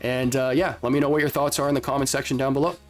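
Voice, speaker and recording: A man in a medium register talks through the week's news as a channel host, loose and conversational, dropping fillers and checking in with the listener. Soft music plays faintly under his voice. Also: mid-range voice, fairly even intonation, rapid-fire. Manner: conversational, frequent fillers and "okay?" asides. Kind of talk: casual commentary to camera.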